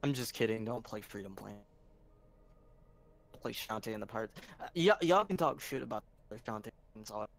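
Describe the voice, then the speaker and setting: A man chatting casually about video games with friends, excitable and quick to swear. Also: on the low side, vocal fry. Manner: excitable, swears, calls everyone dude. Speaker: stream co-host. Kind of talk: casual gaming chat.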